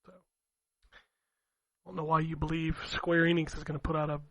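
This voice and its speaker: A man's voice: a little high, monotone, moderate pace, a bit bright, low-quality recording. A man co-hosting a gaming podcast, rambling and laughing as he swears his way through casual chat. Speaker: podcast co-host.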